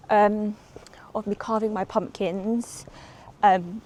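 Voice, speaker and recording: A woman's voice: medium pitch, moderate pace, darkish tone, slight background noise. A woman, vlogging in a rambling, casual way while walking outdoors through a city, a little out of breath, on a clip-on mic. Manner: chatty and rambling, with frequent ums. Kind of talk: casual walk-and-talk vlog. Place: outdoors on city streets and transit. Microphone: small clip-on mic.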